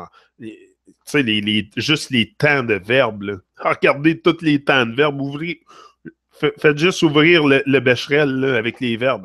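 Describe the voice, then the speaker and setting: A young man with a Quebec French accent hosts a casual live chat with viewers, his medium-pitched voice fairly bright and free of room sound. He switches between French and English and uses many fillers.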